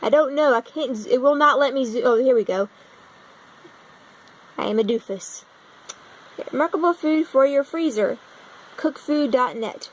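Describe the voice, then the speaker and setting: In a casual vlog, a young woman from the United States browses a map on her computer and muses aloud, puzzling over details. She has a high voice, speaks at normal speed, and takes long pauses. Her phone, propped on her laptop, makes a rough recording.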